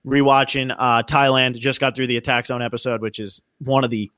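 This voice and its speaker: A man's voice: mid-range voice, little pitch movement, a little fast, pushed and bright, no room sound, clean studio sound. A man hosting a casual podcast, enthusiastic and restarting his sentences often. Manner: enthusiastic, repeats words as he starts sentences. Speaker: podcast host.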